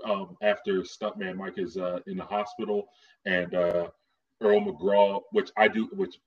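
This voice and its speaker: A man's voice: low-pitched, little pitch movement, unhurried. A man co-hosting a podcast, chatting about films hesitantly, with many fillers. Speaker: podcast co-host. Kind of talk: casual film discussion. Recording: dull lo-fi audio.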